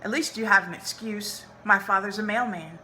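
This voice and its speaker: A woman's voice: mid-range voice, moderate pace, sharp tone, a little hiss or hum, rough recording. A woman reading aloud, voicing a wry, guarded teenage boy.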